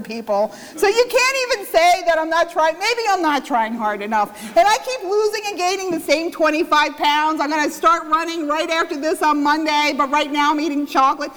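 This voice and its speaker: A woman's voice: extremely high pitch, fairly bright tone. A woman pastor giving a sermon, telling a self-mocking story and acting out the quotes. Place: church. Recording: church hall reverb.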